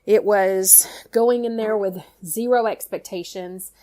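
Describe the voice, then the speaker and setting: A middle-aged woman tells a personal story in casual chat, animated and full of "you know" fillers. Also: medium pitch, unhurried. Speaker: guest storyteller, mother.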